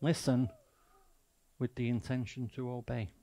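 A man's voice: mid-range voice, level tone, a little slow, mellow. A man with a Mancunian accent preaching a sermon as a guest speaker, emphatic and full of rhetorical questions.

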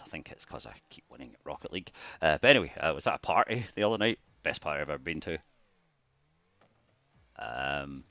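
A Scottish man rambling casually to camera, jokey, with sudden bursts of excitement between mumbled asides. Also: extremely low pitch, gravelly, no echo. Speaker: vlogger. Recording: dull lo-fi dry recording.

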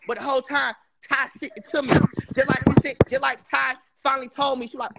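A man's voice: very high voice, fairly even intonation, quick pace, gravelly, pushed and bright, a little hiss or hum. A man on a livestream call, insisting and swearing oaths as he defends himself. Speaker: live stream guest. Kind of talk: heated livestream argument.

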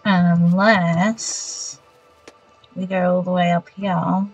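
A woman's voice: on the low side, little pitch movement, extremely slow, soft background music, rough recording. An Australian woman streaming a video game, chatting casually with viewers and muttering reactions as she plays. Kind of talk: casual gameplay chat with live viewers.

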